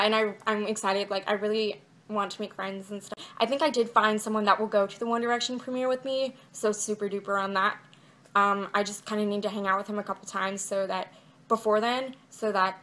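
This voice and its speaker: A young woman in a casual video diary talks straight to her camera. She rambles from one thing to the next and leans on fillers like "like" and "um", at an ordinary middle pitch. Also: pushed and bright. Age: young adult. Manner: rambling and chatty, many fillers like "like" and "um". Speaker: vlogger. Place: indoors, outside her bedroom.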